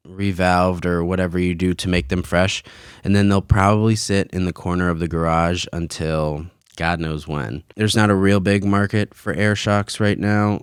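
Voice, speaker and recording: A man's voice: deep voice, clear, resonant tone, no echo, clean studio sound. A man in his thirties hosting a casual solo podcast from his basement, rambling and swearing with frequent laughs. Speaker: podcast host. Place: home basement.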